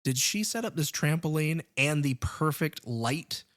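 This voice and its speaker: A man's voice: on the high side, expressive, a little slow, fairly bright tone. A man co-hosting a horror film podcast, recapping scenes in casual talk with many fillers. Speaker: podcast co-host.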